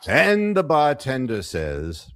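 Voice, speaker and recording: A man's voice: mid-range voice, huge pitch swings, fairly bright tone, dry recording, clean studio sound. Rambling man telling jokes on radio. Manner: rambling, halting storyteller with lots of fillers. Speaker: radio show host. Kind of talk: casual postgame banter and joke telling.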